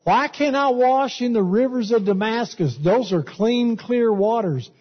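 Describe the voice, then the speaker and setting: A man's voice: very high-pitched, lively intonation, measured pace, slightly rough, pitched above the performer's own voice, full character voice. A man voicing a proud, indignant military commander who complains that he has been slighted. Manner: complaining, offended. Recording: dull, echoey hall.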